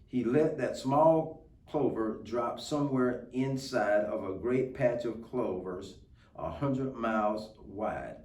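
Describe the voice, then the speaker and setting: A man, a guest reader, reading a picture book aloud in an unhurried, expressive way. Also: mid-range voice. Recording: roomy, distant mic.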